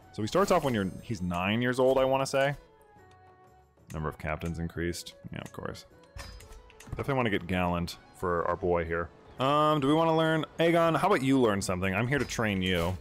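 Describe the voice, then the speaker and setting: A man chatting casually over his gameplay, excitable and slangy, with quick asides to his viewers. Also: low-pitched. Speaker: gameplay streamer.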